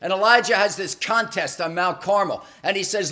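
A man with a notably high voice delivers a sermon from the pulpit of a church. His delivery is dramatic and emphatic, swelling to loud peaks and dropping to hushed, intimate lows. He repeats words as he builds momentum. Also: animated, moderate pace, hardly any pauses. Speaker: preacher.

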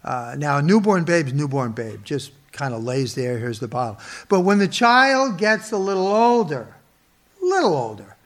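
A man's voice: fairly high pitch, big pitch swings. A man preaching to an audience, stressing word lists and asking questions he then answers himself. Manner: expository preaching with rhetorical questions; slow, emphatic listing of words. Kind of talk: sermon. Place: in front of an audience.

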